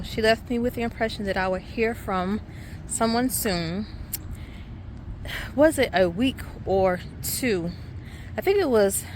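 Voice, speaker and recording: A woman's voice: mid-range voice, slight background noise. Chatty woman teacher vlogging. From Savannah, Georgia. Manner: chatty, addresses viewers as y'all, many ums. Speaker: high school teacher. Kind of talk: casual vlog chat to camera. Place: school classroom.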